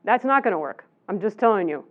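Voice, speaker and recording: A woman's voice: mid-range voice, lively intonation, fast talker. A woman in her sixties, a professor answering audience questions in an emphatic, conversational lecture manner that drives points home by repeating them. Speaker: professor and guest speaker. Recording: tinny phone-like recording.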